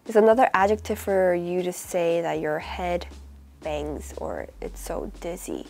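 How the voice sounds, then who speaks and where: A woman's voice: lowish voice, expressive, a little slow, a little mellow. Woman teaching with a bad cold. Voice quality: rough, odd-sounding sick voice. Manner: explains patiently, often checking in with the viewer. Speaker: Korean language teacher. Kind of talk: casual online lesson.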